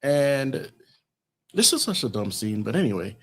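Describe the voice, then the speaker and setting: Slow, rambling man recapping a film. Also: medium pitch, sing-song, a bit bright, husky. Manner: rambling plot recap full of ums and restarts. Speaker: podcast co-host. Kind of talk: casual podcast chat.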